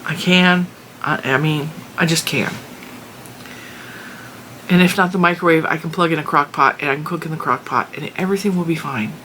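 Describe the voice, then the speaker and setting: A middle-aged woman, a crafting channel host, telling a story in a casual, animated and exasperated way. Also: low-pitched, normal speed, pauses often, a little hiss or hum. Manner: animated, exasperated retelling with laughs.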